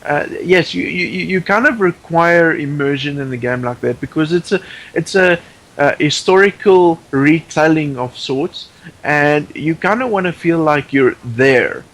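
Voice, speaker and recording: A man's voice: on the high side, measured pace, fairly bright tone, low-quality recording. A man guest on a podcast in casual chat, opinionated and rambling, with many restarts.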